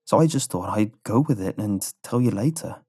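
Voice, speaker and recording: A man voicing a young male patient, a flippant joker in the story, raised and loud. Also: lowish voice, expressive, moderate pace, slightly rough. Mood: casual joking. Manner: loud, repeated screaming. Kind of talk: storybook horror narration.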